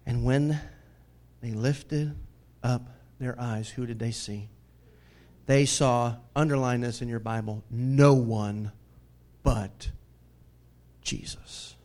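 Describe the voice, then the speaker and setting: A male pastor preaching a sermon in a conversational style. He swings between booming emphasis and hushed asides, often chuckles, and asks his listeners questions. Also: steady tone, slow pace.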